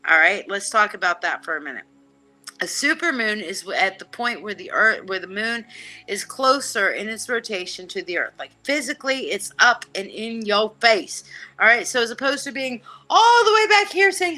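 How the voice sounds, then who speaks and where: A woman's voice: on the high side, moderate pace. A woman hosting a live psychic stream, chatting loosely and joking while she reads viewer comments. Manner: hyped, animated, joking, reading chat comments aloud. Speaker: psychic show host. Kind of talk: live-stream casual chat.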